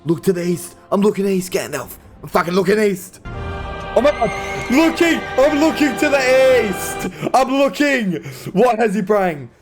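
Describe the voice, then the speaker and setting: A man hosting a movie reaction video, excitable and swearing often, breaking into laughter and shouts. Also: high voice, measured pace. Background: film soundtrack music playing.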